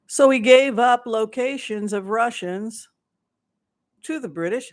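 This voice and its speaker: A psychic host talks through a vision in a rambling, stop-start live monologue at a middle pitch. The speaker often acts out short quotes from the people in the vision. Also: normal speed. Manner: rambling with restarts and acted-out quotes. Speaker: psychic remote viewer. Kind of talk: live question-and-answer monologue.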